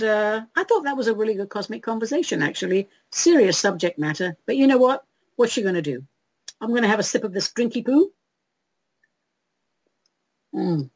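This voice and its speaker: A woman's voice: medium pitch, breathy edge, dry recording, rough recording. A woman hosting an internet radio talk show, answering listener letters in a theatrical, playful way and calling her listeners darlings.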